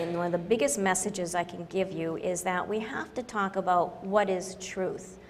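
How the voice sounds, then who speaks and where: A woman's voice: medium pitch, a little mellow, in a large hall, slight background noise. A woman giving a humorous conference talk, wry and direct, telling stories to an audience. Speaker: conference speaker.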